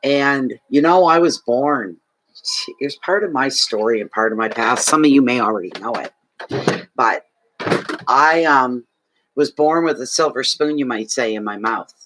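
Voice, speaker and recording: A man's voice: mid-range voice, measured pace, background noise. A man from Canada chatting casually on a livestream as a fortune reader, emotional, thanking viewers and talking to his dog.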